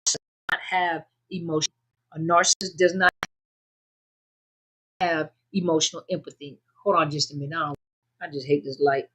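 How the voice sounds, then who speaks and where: A woman's voice: sits low, fairly even intonation, moderate pace, pauses often, fairly bright tone, slightly rough. A woman hosting a casual advice talk, speaking conversationally, repeating her points and addressing her audience directly. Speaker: host giving advice on narcissistic abuse. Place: indoors, under a bright light.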